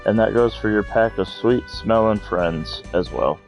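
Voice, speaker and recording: A man voicing a gruff, grumpy old airship builder in a game, curt and dismissive. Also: fairly low pitch, unhurried, dull audio, faint music behind. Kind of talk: game voice acting.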